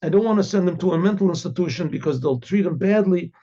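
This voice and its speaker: A man's voice: high-pitched, animated, quick pace, dark tone, highs cut off. A man voicing a scheming male innkeeper who pleads in a falsely earnest way. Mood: falsely pleading. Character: scheming male innkeeper feigning brotherly care.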